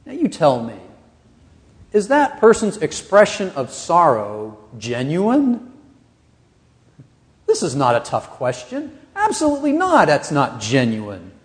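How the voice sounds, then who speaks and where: A man's voice: fairly high pitch, huge pitch swings, slow, in a large hall. A man preaching a sermon as pastor of a church, earnest and pressing his points with rising emphasis.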